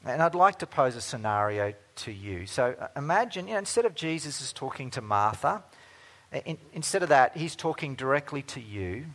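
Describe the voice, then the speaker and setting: A man preaching a sermon as pastor, earnest, moving between emphatic stretches and hushed ones. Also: mid-range voice, very animated, brisk.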